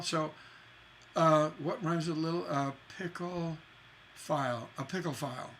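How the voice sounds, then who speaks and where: A man's voice: on the high side, a little slow, fairly bright tone, a little hiss or hum. A man teaching a songwriting lesson in a chatty way, scatting rhythms with "da da da" to show the stresses.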